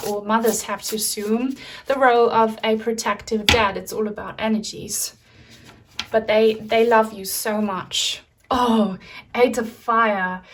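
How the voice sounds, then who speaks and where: Gentle, reassuring woman tarot reader. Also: a little high. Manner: gentle, reassuring, chatty with fillers. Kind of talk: spiritual tarot reading.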